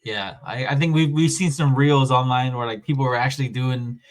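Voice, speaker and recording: A man hosting a casual podcast chat, his voice lively and rising and falling as he retells scenes. He sits at a middle pitch and laughs as he talks, with the loose feel of friends catching up. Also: brisk. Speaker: podcast host.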